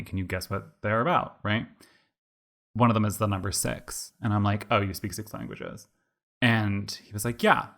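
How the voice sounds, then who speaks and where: A man in his twenties co-hosting a podcast, telling a rambling story in casual chat and saying "like" all the time. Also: lowish voice. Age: 20s. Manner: rambling, animated, heavy use of "like". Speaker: podcast co-host.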